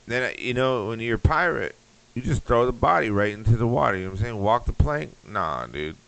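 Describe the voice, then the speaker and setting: Crude rambling man with a deep voice. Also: lively intonation, brisk, creaky, fairly bright tone, rough recording. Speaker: podcast host. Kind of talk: comedic rant.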